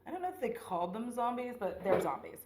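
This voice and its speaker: A woman's voice: fairly high pitch, big pitch swings, quick pace, roomy sound, noisy background. A woman beauty vlogger chatting casually while doing her makeup, rambling in a slangy, profane way with lots of "like.".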